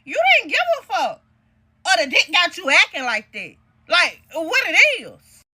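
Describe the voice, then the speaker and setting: A woman's voice: very high voice, sing-song, a little slow, pushed and bright, slight background noise. A woman telling a heated, profane story to her viewers in a storytime vlog, recorded on a phone.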